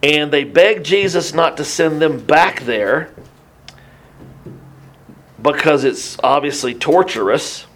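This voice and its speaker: A man preaching a Bible teaching in an animated, conversational way, often restarting his sentences and adding asides. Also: a little high, slow, pauses often. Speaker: pastor.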